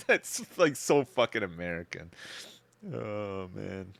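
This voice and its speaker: A Canadian man talking loosely on a live game stream, his low voice swinging up and down as he rambles. He is laid-back and casual, swears without a second thought, and often breaks into chuckles. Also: very animated, normal speed, a bit bright. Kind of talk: casual live-stream chat while gaming.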